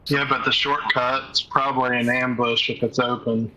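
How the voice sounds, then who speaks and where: A man's voice: medium pitch, flat delivery, moderate pace, sharp tone, low-quality recording. A man playing in a tabletop game, speaking briefly and decisively. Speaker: player.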